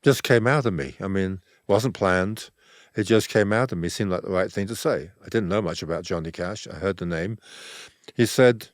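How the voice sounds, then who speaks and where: Older male guest, low voice, rambling anecdotes, bone-dry recording. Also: normal speed, no room sound. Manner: rambling, acts out quoted dialogue. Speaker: photographer, interview guest. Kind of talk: relaxed anecdotal storytelling.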